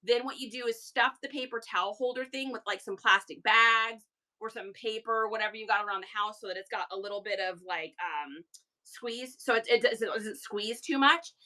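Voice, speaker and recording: A woman hosting a reseller livestream, chatty and animated with rambling asides. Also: fairly high pitch, moderate pace. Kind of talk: casual livestream chat.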